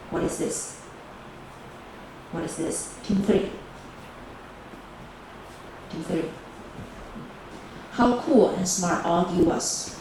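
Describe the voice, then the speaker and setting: A woman teaching a bilingual grammar lesson to high school students, repeating key phrases and calling on teams. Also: slow pace, long pauses, recorded from a distance. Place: large echoey classroom. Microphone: camera recording the class. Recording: echoey classroom video with background noise.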